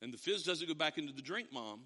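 A man preaching a sermon, telling a family story with animated, acted-out quotes. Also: on the high side, fast, in a large hall. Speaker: pastor.

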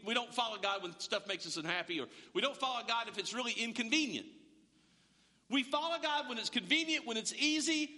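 A man's voice: very high voice, bright, forceful tone. A man preaching a sermon, chatty and quizzing the congregation with questions. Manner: conversational, rhetorical questions to the room. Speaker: pastor. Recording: long hall reverb.

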